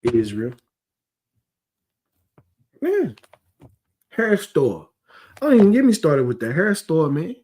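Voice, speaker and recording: Man, religious class teacher; slightly high, very animated delivery; heated, conversational, full of rhetorical questions. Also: unhurried, long pauses. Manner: heated, digressive. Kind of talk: scripture teaching lecture.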